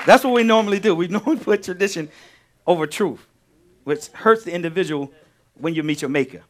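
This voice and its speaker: A male pastor teaching a sermon, animated, repeating key phrases and firing questions at his congregation. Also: high voice, fairly quick, slight background noise.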